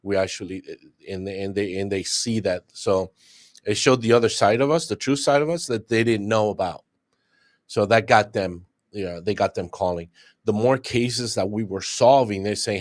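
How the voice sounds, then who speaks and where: A man's voice: fairly low pitch, moderate pace. A middle-aged man, a retired homicide detective, telling stories in a casual interview and acting out what others said. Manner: animated storyteller, acts out what others said.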